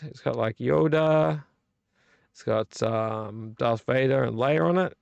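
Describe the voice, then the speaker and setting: A man's voice: mid-range voice, creaky, a little mellow, no echo. A man hosting a late-night live vlog, a bit tipsy from beer, rambling and blunt and swearing freely. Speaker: livestream host.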